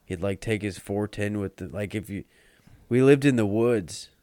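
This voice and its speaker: A man in casual chat telling a story in a loose, halting way, with some swearing. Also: lowish voice, warm tone, no echo, studio quality.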